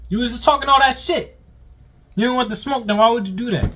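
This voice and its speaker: Husky man reacting in loud slang. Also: very high voice, fast talker. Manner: swearing, laughing, animated slang. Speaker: reaction video host. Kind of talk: casual reaction commentary.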